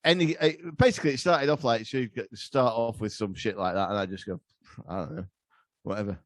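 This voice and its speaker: A man's voice: mid-range voice, fairly quick, no echo. A man, a podcast guest telling crude, rambling stories in casual chat. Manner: crude, rambling, laughing storyteller.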